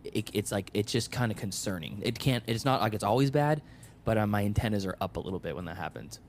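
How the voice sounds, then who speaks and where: A man hosting a podcast, musing over a film in a halting, thoughtful way, full of restarts. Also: on the low side, lively intonation, slight background noise. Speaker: podcast host. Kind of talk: casual film review chat.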